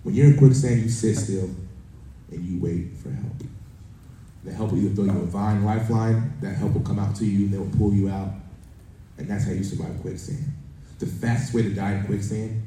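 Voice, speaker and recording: A pastor with a fairly low, steady, warm voice speaks at a moderate pace as he preaches a sermon, sharing a family story and reading scripture conversationally. The recording is distant with a roomy echo and faint background noise.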